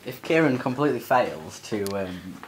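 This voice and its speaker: A man's voice: medium pitch, animated, normal speed, a little hiss or hum. A young man chatting at a home lunch, wry and chuckling as he teases a friend. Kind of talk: casual joking chat over lunch.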